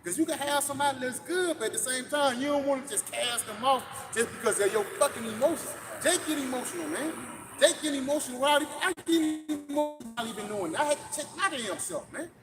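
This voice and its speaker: A man's voice: very high-pitched, quick pace, over loud music. A man leading a live scripture teaching in a blunt, profane street manner, often saying "you got it". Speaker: camp teacher. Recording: live room with long reverb and background noise.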